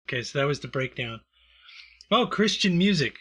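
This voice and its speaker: A man's voice: on the high side, very animated, normal speed, sharp tone. A man co-hosting a comedy podcast, rambling through a movie recap in casual, profane chat full of fillers. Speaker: podcast co-host.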